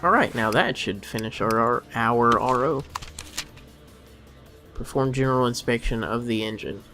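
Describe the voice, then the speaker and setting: Soft background music plays as a man, a car mechanic by trade, comments on a game in a let's play, muttering to himself with wry exasperation. His medium-pitched voice has a sharp tone and a normal speed.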